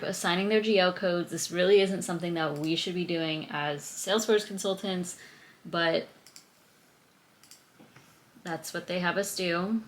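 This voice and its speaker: A woman's voice: lowish voice, a little hiss or hum. A young adult woman talking casually to camera in a diary vlog, chatty, full of "like" fillers and small laughs. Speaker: vlogger.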